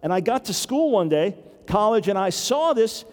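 High-voiced older man preaching. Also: big pitch swings, moderate pace, darkish tone, big-room sound. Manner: earnest, with wry humor and acted-out quotes. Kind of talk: sermon teaching.

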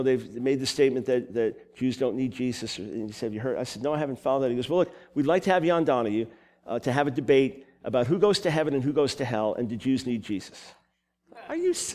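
New york guy preaching, telling stories, voice jumping up and down, lots of asides. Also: medium pitch. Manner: animated storytelling, quick asides and self-corrections. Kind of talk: sermon with personal stories.

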